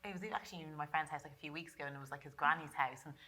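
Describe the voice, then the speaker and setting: A woman author interviewing an artist in a public gallery conversation, asking in a relaxed, reflective way. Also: sits low, rapid-fire.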